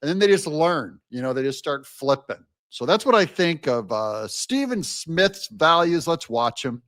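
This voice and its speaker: Male host, gravelly, slightly high voice, sarcastic political commentary. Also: sing-song, unhurried, a bit bright, dry recording, clean studio sound. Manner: sarcastic, rambling, mocking. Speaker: show host.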